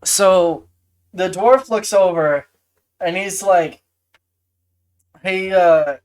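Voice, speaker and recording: A woman running a tabletop game, narrating in a halting way with frequent restarts. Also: fairly low pitch, a little mellow. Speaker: game master.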